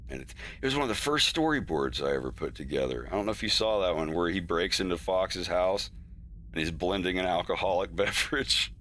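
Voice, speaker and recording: A man with a fairly low, bright and forceful voice chats loosely on a stream, rambling and laughing as he acts out bits of dialogue. A faint hiss of noise sits under his voice. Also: brisk. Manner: rambling, laughs often, acts out characters' lines. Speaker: animator streaming his work. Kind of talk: casual stream chat.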